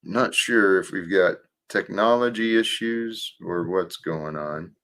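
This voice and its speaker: A man hosts his own livestream and muses about faith and daily life. His voice sits low and he talks at an unhurried pace, sometimes stopping to restart a thought. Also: fairly bright tone. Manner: slow and reflective, with restarts. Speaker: livestream host. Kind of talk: casual faith talk on a livestream.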